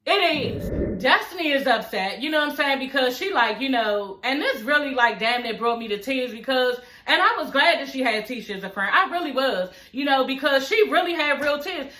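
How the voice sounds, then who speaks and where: A high, bright-voiced woman in her forties delivers blunt, profane commentary straight to her viewers, animated and laughing as she goes. Her voice rings around a roomy, echoey space. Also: moderate pace, few pauses. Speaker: reality TV reviewer. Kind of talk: casual commentary vlog. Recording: roomy echo.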